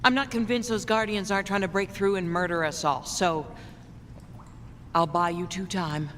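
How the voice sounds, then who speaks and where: A woman's voice: lowish voice, steady tone, normal speed, fairly bright tone, a little hiss or hum, lightly acted. An actress voicing a blunt, sardonic older woman with a dry, commanding delivery. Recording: game audio with reverb and music.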